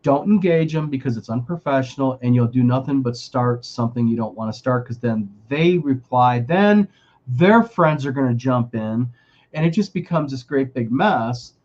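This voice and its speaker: A man of middling pitch co-hosts a casual chat show, talking emphatically and restarting his sentences often. His voice comes through muffled and lo-fi. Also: lively intonation, moderate pace, a little mellow. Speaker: podcast co-host.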